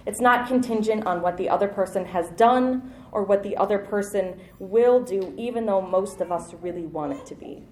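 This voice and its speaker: A woman's voice: medium pitch, moderate pace, few pauses, slight background noise. Woman preaching a chatty sermon in an echoey room. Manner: conversational and self-deprecating, with light laughs.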